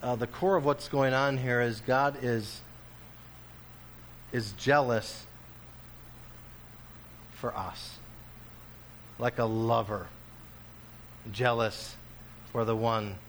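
A male pastor preaching a sermon, dropping to hushed, slow lines and then rising to loud, emphatic declarations. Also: mid-range voice, steady tone, slight background noise. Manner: swings between hushed, slow passages and loud, emphatic bursts.

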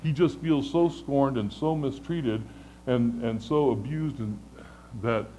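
A man preaching a sermon in a conversational, earnest way, often stammering and restarting, moving between loud pleading and hushed lows. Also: slow pace, noisy background. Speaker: pastor.

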